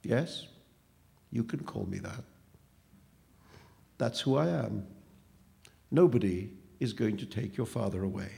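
A man's voice: mid-range voice, expressive, slow, creaky, long pauses, a little mellow, heavily acted. A man reading a story aloud, voicing a pompous male phantom who speaks in precise, wordy and falsely kindly tones. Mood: smug.

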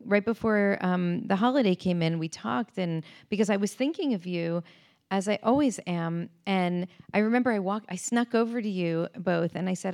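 A woman's voice: mid-range voice, normal speed, a little mellow. A woman hosting a conversational interview, thoughtfully recounting a memory to her guest. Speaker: host.

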